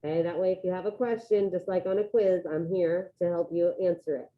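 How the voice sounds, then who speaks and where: A woman's voice: on the low side, fairly even intonation. Woman teacher on a tinny call. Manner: brisk, step-by-step instructions, coaxing. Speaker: Spanish teacher. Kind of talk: teaching a class over video call. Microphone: video call. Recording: tinny phone-like video call audio.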